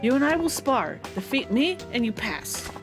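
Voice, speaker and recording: A woman's voice: fairly high pitch, very animated, moderate pace, music in the background. Woman doing a haughty formal weapons master. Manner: stiff, lofty, formal phrasing.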